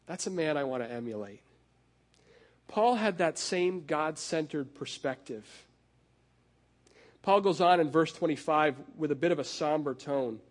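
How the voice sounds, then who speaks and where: A middle-aged man preaching a sermon in a conversational way, with fillers and restarts, and slowing down to lean on key phrases. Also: a little high, lively intonation. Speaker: pastor.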